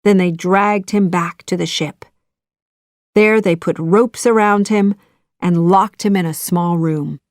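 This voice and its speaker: A woman narrating a children's audiobook in a measured, clear storytelling manner. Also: fairly low pitch, steady tone, no echo, clean studio sound.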